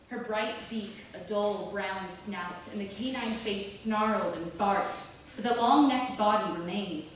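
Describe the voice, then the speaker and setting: Woman reading, roomy and distant. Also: mid-range voice. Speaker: author reading her novel. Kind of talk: literary reading. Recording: roomy, distant, faint hiss.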